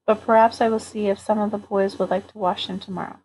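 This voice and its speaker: A woman voicing a courteous, dutiful male captain in an audiobook reading, speaking formally and gently. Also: mid-range voice, level tone, fast talker, slight background noise, close to an everyday voice, poor audio.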